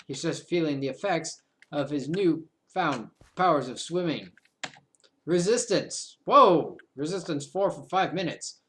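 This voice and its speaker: This gaming video host is a man in his twenties whose voice sits fairly high and sounds fairly bright. He chats casually over a game recording, rambling off into self-mocking asides, with a little hiss or hum in the audio.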